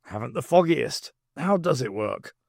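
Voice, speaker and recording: A man voicing a stiff middle-aged military brigadier, speaking gruffly and slowly. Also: medium pitch, expressive, a little mellow, dry recording, studio quality. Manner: gruff, clipped, slow and deliberate.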